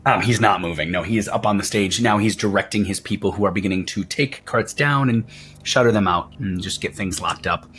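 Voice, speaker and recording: A man's voice: fairly low pitch, fairly quick, fairly bright tone, a little hiss or hum. A man running a tabletop game, describing scenes in a casual, conversational way. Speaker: game master.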